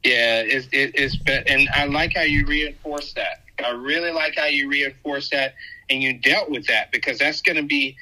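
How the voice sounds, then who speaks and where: Very bright-voiced, affirming father. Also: medium pitch, steady tone, low-quality recording. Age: adult father. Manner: affirming, halting speech with restarts and "uh". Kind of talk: casual podcast conversation.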